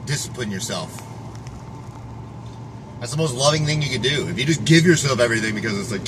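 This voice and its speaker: A man's voice: medium pitch, expressive, a little fast, pauses often, noisy background. A man giving a rambling, profane vlog monologue, often breaking off and restarting his sentences. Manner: profane, restless, self-interrupting. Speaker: fitness vlogger.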